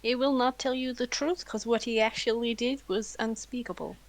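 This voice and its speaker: A woman voicing Fleur, a fierce, protective mutant woman in a tabletop role-play game, speaking with clipped, halting phrasing. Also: a little high, steady tone, a loud crowd, close to an everyday voice. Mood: defiant.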